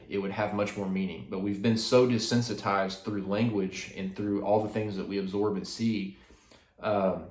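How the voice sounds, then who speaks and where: A man's voice: on the low side, a little mellow, roomy sound. A man hosting a casual devotional talk, speaking in a rambling way with many fillers and restarts. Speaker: host.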